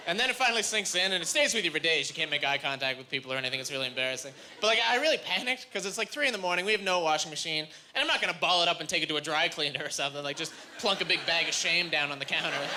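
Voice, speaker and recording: A young man performing a stand-up set, telling a story with animated, high-jumping quoted voices. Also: fast talker. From Canada. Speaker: stand-up comedian. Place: comedy club stage. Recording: live club recording, audible room noise.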